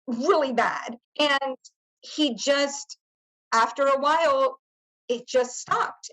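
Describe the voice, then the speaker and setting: A middle-aged woman, a podcast guest, recounting a painful personal memory in a halting way, with many fillers and restarts. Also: high-pitched, fairly bright tone, low-quality recording. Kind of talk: personal testimony in interview.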